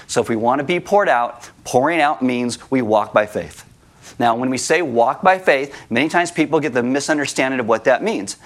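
A man's voice: fairly high pitch, a bit bright. A middle-aged male pastor preaching a sermon in a conversational way, with joking asides to the congregation.

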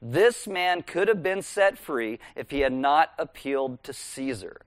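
A male pastor preaching a sermon in a relaxed, conversational way, walking listeners through scripture verse by verse. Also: a little high, unhurried, no room sound.

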